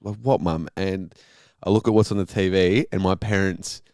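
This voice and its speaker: A man co-hosting a podcast, telling stories in a casual, animated way. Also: normal speed, clean tone, dry recording, clean studio sound. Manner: animated storytelling, mimics his mum in a higher voice. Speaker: podcast co-host. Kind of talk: casual chat.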